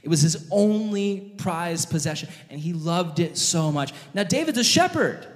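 A man preaching an animated, jokey sermon, addressing his audience directly as he tells a story. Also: high-pitched, normal speed. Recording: long hall reverb.

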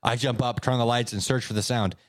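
A man co-hosting a podcast, telling stories in a casual, animated way. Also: quick pace, no room sound, studio quality. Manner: animated storyteller, swoops up in pitch for effect. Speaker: podcast co-host. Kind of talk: casual chat, reading stories aloud.

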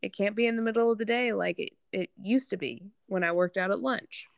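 A woman with a mid-range voice that drops into gravelly fry as she talks. She vents candidly in casual chat, a little self-deprecating. The recording is close and dry. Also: medium pitch, fairly quick, no echo.

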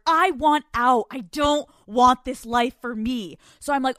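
A young woman hosts her podcast with a fairly high voice. She tells a story in a loose, profane rush, laughs often and acts out every quote, close on a studio mic in a dry, deadened room. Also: normal speed, few pauses, fairly bright tone, dry recording. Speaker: podcast host. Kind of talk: casual storytelling monologue.

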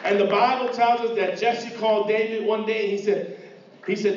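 High-voiced preacher in an echoey hall. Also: male voice, steady tone, fairly quick, slight background noise. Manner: storytelling preacher acting out voices, builds to fervor. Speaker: pastor. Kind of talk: sermon. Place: church sanctuary. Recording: echoey hall from far off, dull.

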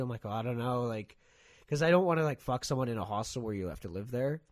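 A man's voice: medium pitch, lively intonation, fast talker, no room sound. Young man from canada, casual rambling story, dry close sound. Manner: rambling storytelling, lots of swearing and "like". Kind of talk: casual chat.

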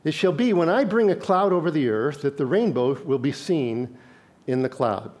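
A man's voice: a little high, expressive, moderate pace, a little mellow. A male pastor preaching a sermon in a conversational way, reading scripture and putting questions to his congregation.

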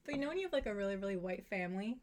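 A woman's voice: medium pitch, lively intonation, rapid-fire, darkish tone. A young woman on a podcast telling blunt, laughing anecdotes in casual chat.

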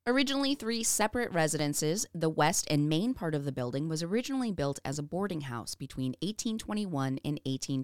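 A woman's voice: low voice, clear, resonant tone, no echo, studio quality. A woman co-hosting a podcast, reading researched history with casual asides and frequent laughs. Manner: laughs often, reads notes with asides. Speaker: podcast co-host.

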